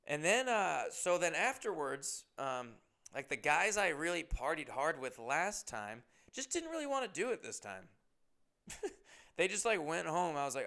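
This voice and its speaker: Gravelly, bright-voiced man telling stories. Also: on the high side, very animated, moderate pace. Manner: rambling, profane, self-deprecating. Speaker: comedian and podcast host. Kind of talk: casual storytelling monologue.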